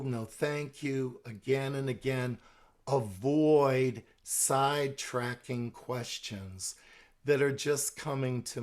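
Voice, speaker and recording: A middle-aged man giving a calm, gentle talk on stress management, using examples. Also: medium pitch. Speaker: speaker on stress management and palliative care. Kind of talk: educational talk with role-play examples.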